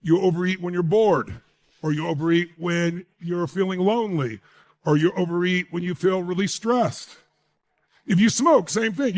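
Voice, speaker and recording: A man delivering a motivational speech to a live crowd, his fairly high voice leaping up and down in pitch. He hammers his points home and keeps firing rhetorical questions at the listeners. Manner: emphatic, asks the audience rhetorical questions. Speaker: motivational speaker.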